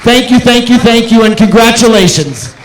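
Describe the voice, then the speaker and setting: A man's voice: extremely high pitch, animated, normal speed, echoey room, some chatter behind, slight background noise, low-quality recording. A man hosting a film Q&A as festival director, giving an effusive thank-you speech and repeating words for emphasis. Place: theater auditorium.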